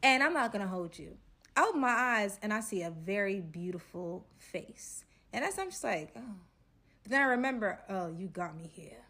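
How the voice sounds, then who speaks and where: A young woman telling a personal story in a storytime vlog, animated and dramatic, acting out quotes. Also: medium pitch, a little fast.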